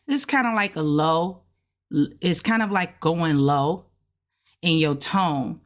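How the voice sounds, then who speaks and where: A woman casually walking viewers through practice, speaking patiently and drawing out sounds as she models them. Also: fairly low pitch. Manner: slow, patient, drawn-out syllables when modeling sounds. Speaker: language learner teaching along. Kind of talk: casual lesson narration.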